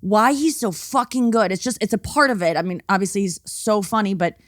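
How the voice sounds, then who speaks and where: A woman comedian chatting as a podcast guest, animated and swearing freely. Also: mid-range voice, a little fast, no room sound, studio quality. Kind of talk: casual chat.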